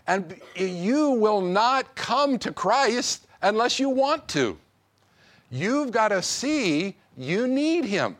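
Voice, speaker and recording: A man preaching a sermon to his congregation, slow and emphatic. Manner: slow, emphatic preaching with wide swings of pitch. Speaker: pastor.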